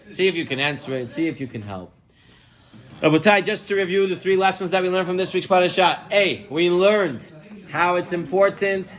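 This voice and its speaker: High-voiced male rabbi telling a story. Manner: animated storyteller who acts out characters. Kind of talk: sermon.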